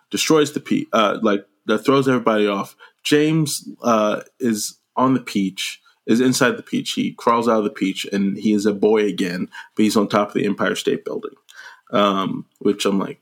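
A man on a podcast, casually recapping a movie with lots of swearing, jumping into quick voices for the characters. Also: lowish voice. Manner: animated, profane, acts out characters in quick voices. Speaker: podcast co-host.

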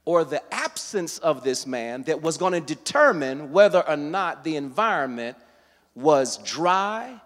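A man preaching a sermon as pastor, teaching from scripture and building to fervent, loud delivery. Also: on the high side, expressive, a little slow, big-room sound.

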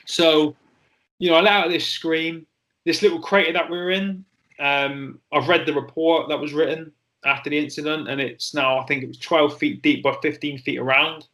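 Forties male interview guest, candid storyteller, slightly high and bright voice. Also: fairly even intonation, low-quality recording. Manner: candid, halting, with frequent fillers and swearing. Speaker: interview guest, former soldier.

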